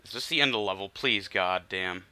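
A man's voice: low-pitched, normal speed, sharp tone, clear, resonant tone, no echo. A young man commentating his gameplay, frustrated and swearing, often muttering under his breath. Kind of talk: let's play commentary.

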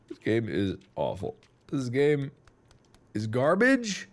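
A man commentating a video game playthrough in a goofy, taunting way, swinging between loud shouts and mutters. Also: medium pitch, wildly swooping pitch, unhurried, soft background music. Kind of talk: let's play commentary.

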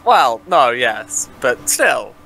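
A man's voice: medium pitch, sing-song, drawn-out words, creaky, bright, forceful tone, slight background noise, rough recording. A man playing in a tabletop game, playful and arguing in jest. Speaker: player.

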